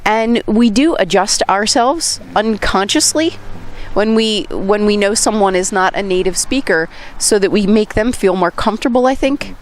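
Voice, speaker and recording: A woman's voice: medium pitch, normal speed. Chatty American English teacher, a woman. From United States. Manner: chatty, explains with everyday examples. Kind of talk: casual conversation.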